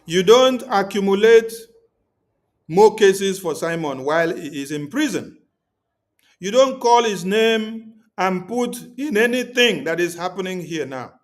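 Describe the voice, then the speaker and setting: This livestream host's voice is high-pitched, animated, and unhurried. He presses his points on viewers in a preachy, emphatic way, saying them again and again.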